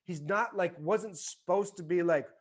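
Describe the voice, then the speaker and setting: Speaking a little slowly in a voice that sits high, this podcast guest is a former baseball player in his forties. He recounts a story conversationally, lively imitating the voices of the people involved.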